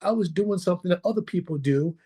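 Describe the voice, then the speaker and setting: A man telling a personal story as a podcast guest, animated, acting out the quotes and checking in with the listener. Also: high-pitched, quick pace, breathy edge. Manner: animated, acts out quotes, checks in with "right?" and "okay?". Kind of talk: casual storytelling.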